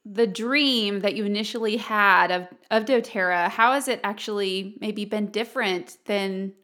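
A woman's voice: mid-range voice, unhurried, pushed and bright. A woman hosting a podcast, affirming her guest and asking thoughtful follow-up questions. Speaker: podcast host. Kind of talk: conversational interview.

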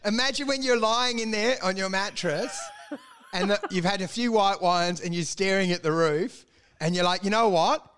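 A man with a high-pitched voice co-hosts a podcast in loose, joking conversation. He rambles through absurd stories and slips into quick impressions of the people in them. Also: fairly bright tone, smooth. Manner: rambling, jokey, acts out voices. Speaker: podcast co-host. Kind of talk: casual comedic chat.

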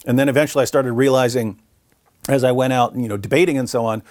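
A middle-aged man speaking with mid-range pitch, recorded close and dry with no room sound. He is a guest telling an anecdote in a conversational way and briefly puts on the voices of people he quotes. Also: quick pace, no room sound. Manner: animated, acts out quoted voices. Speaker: interview guest. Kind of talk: conversational storytelling.

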